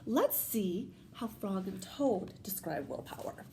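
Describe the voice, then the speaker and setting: A woman teacher in her thirties, leading a children's read-aloud lesson in an animated, questioning and encouraging way. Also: medium pitch, takes it slowly, creaky, hardly any pauses.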